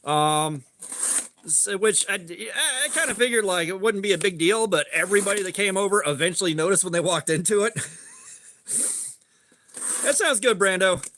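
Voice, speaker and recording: Bright-voiced laid-back male streamer. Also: high voice, animated, normal speed, long pauses, a little hiss or hum. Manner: rambling, laid-back, greets chat mid-story. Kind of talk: casual storytelling while sharpening.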